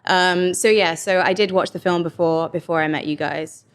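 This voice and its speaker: A woman's voice: fairly low pitch, normal speed, smooth. A young English woman, an actor guest, telling stories in a casual interview chat with lots of quoted asides. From England. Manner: chatty, animated storytelling with quoted asides.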